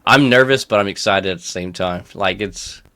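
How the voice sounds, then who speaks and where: A man's voice: deep voice, moderate pace, sharp tone, no echo. A man co-hosting a casual pop-culture podcast, rambling with lots of fillers and restarts and laughing often. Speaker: podcast co-host.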